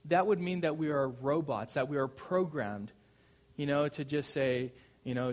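A man's voice: medium pitch, a little slow. Man preaching in a conversational tone. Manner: conversational preaching with fillers, rising to loud proclamation. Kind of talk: sermon.

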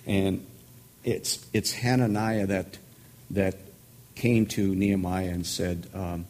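A man's voice: low voice, flat delivery, takes it slowly, darkish tone. A man pastor teaching a sermon-style Bible study in an earnest, thoughtful way.

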